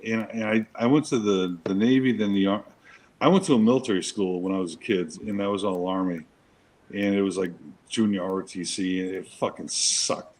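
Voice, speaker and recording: Brief: male co-host, ex-Marine, deep-ish voice, swears constantly, rambling chatty storyteller. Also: fairly even intonation, brisk, a little mellow, rough recording. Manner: profane, emphatic, rambling with restarts. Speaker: show co-host, Marine veteran. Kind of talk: casual chat, storytelling.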